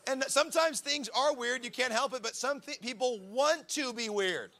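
A man's voice: very high voice, normal speed. A man in his thirties, a pastor giving a sermon, telling stories and acting out the people in them. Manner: storytelling, animated, acts out quotes.

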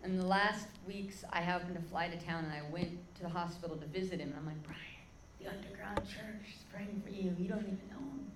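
A woman's voice: lowish voice, steady tone, a little fast, roomy sound, noisy background. A woman preaching a sermon, telling an emotional testimony story and calling out to the crowd as "guys".

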